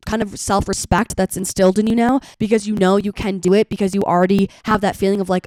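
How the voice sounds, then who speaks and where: Hoarse young woman hosting a chatty podcast. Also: mid-range voice, little pitch movement, fast talker, hardly any pauses, a little mellow, no room sound, clean studio sound. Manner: chatty, earnest, heavy use of "like". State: hoarse from being sick. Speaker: podcast host. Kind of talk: solo motivational podcast talk.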